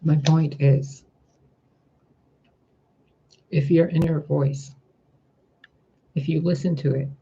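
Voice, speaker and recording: A man giving a spiritual tarot reading, talking in a gentle, reflective way and asking rhetorical questions. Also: a little high, level tone, slow, vocal fry, pauses often, lo-fi sound, slight background noise. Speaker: tarot reader.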